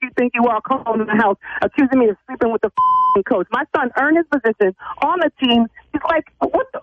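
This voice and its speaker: Angry high-voiced woman on a phone line. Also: husky, no room sound. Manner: indignant, cursing, rapid retorts. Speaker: prank call target, mother. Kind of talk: heated phone argument. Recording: tinny dry phone line.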